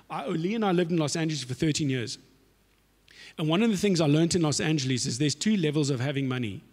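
A man preaching a sermon in an animated, slangy, conversational style. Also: fairly high pitch, fast talker, breathy edge. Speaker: pastor. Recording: echoey hall reverb.

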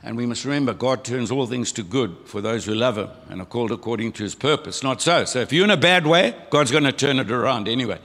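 A man's voice: mid-range voice, animated, fast, hardly any pauses, fairly bright tone. Older South African man, throaty storyteller with a frog in his throat, giving church testimony. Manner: folksy storytelling, acting out remembered voices. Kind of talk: conversational testimony sermon. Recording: long hall reverb.

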